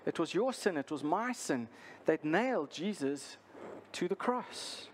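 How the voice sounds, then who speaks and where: A male pastor preaching a sermon, earnest and deliberate, repeating his key lines for emphasis. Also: fairly high pitch, lively intonation, a little hiss or hum.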